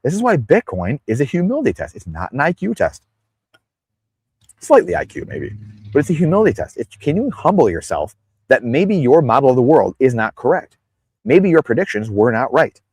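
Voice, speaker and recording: A man's voice: medium pitch, sing-song, a little fast, a little mellow, husky, no echo. A man speaking as a podcast guest in casual interview talk, rambling off on tangents and acting out the people he quotes. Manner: acts out quoted people in exaggerated voices.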